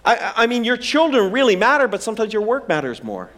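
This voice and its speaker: A man's voice: high voice, sing-song, fast, a bit bright. A man in his forties preaching a sermon, conversational and humorous with self-deprecating asides. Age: 40s. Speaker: pastor.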